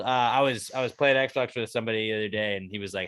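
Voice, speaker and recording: A man's voice: lowish voice, fast talker, hardly any pauses, fairly bright tone, clear, resonant tone, no echo. A man co-hosting a podcast, joking and rambling in crude banter and reading a sponsor spot. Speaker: podcast co-host. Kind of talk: casual chat and read ad.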